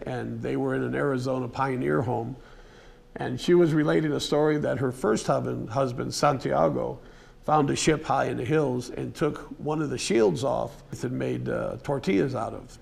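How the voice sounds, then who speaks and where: Gravelly, husky-voiced man giving a talk. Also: medium pitch, normal speed, a little mellow. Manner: conversational, folksy, with fillers and restarts. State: occasionally clearing his throat. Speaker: presenter giving a museum lecture. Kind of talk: casual unscripted lecture storytelling. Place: museum presentation room.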